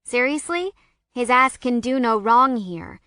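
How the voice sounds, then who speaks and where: A woman voicing a gossipy, excitable teenage girl who teases her best friend bluntly in an audiobook. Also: on the high side, measured pace, no room sound, studio quality, pitched above the performer's own voice.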